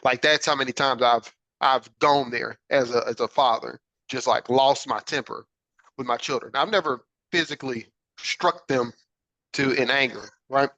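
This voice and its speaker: A man's voice: medium pitch, fairly even intonation, normal speed, pushed and bright, no room sound, rough recording. A man hosting a podcast, earnestly telling a personal story and often checking in with "right?". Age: adult father. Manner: earnest, reflective, frequent "right?" check-ins. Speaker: podcast host.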